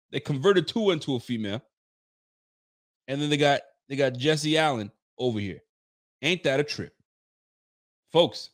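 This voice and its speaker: A man hosting a casual sports podcast, joking and laughing as he riffs with his chat in slangy talk. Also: medium pitch. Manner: talks to a live chat and audience. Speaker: podcast host.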